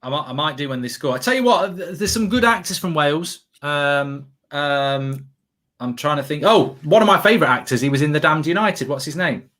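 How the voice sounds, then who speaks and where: A man's voice: fairly high pitch, brisk, fairly bright tone. A man hosting a casual football watchalong, chatty and jokey, rambling and reading out live chat comments. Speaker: host.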